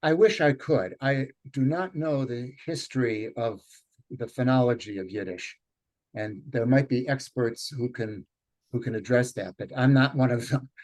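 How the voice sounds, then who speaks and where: Over a video call, a Yiddish teacher leads a group reading as part of an online lecture and read-aloud. He has a mid-range, darkish voice and speaks thoughtfully but haltingly, with many fillers.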